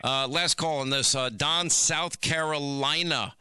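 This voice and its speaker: A man hosting a call-in radio talk show, talking quickly with stammering restarts. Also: fairly high pitch, steady tone, sharp tone, clean tone, no room sound. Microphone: studio microphone.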